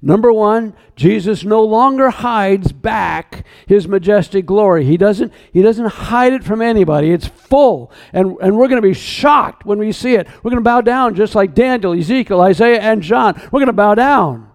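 A man preaching a sermon, earnest and emphatic, repeating words and slowing down on key phrases. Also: high-pitched, darkish tone.

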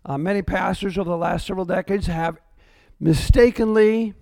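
A man preaches a sermon in a fairly high voice. He hammers key words again and again, rising to loud declarations and dropping to hushed asides. The sound is close and dry, with no room around it. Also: normal speed, vocal fry, no echo. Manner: emphatic, repeats key words, swings between loud and hushed. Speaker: pastor.

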